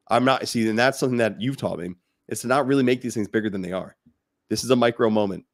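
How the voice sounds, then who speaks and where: A man's voice: mid-range voice, fast talker, no echo, studio quality. A man co-hosting a fatherhood podcast, talking bluntly and animatedly in casual chat. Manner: blunt, animated, jokes with mocking quoted voices. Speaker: podcast co-host.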